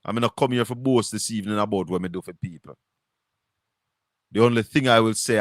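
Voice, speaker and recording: A man's voice: fairly low pitch, fairly quick, long pauses, no echo, clean studio sound. A man with a Jamaican accent hosting a livestream, delivering a preachy, emphatic monologue with scripture quotes. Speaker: show host.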